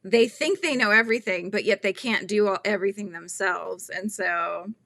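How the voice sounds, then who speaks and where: On a casual crochet livestream, a woman in her thirties chats, reads comments from viewers, and frequently laughs while acting out quotes. She has a bright, forceful, medium-pitched voice at a moderate pace, recorded with no room sound.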